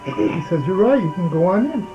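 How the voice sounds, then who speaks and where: A man tells jokes at a family gathering in a slow, deliberate way, his voice a touch higher than most. The home video sound is muffled. A television plays music clearly behind him. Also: lively intonation. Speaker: family member telling jokes. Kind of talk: joke telling at a family gathering. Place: living room at a family party.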